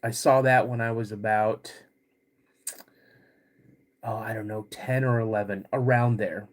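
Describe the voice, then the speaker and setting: Slow-talking middle-aged man hosting. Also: lowish voice, steady tone, a little hiss or hum. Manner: laid-back and rambling, greets chat viewers between stories; frequent throat clearing. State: getting over a cold. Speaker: podcast host. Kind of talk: casual livestream chat.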